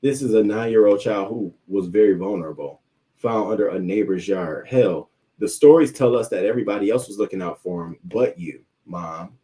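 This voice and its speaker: Low, dark-voiced man ranting profanely. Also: normal speed. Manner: heated, profane ranting with many restarts. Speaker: livestream news commentary host. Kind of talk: unscripted commentary while reading live chat.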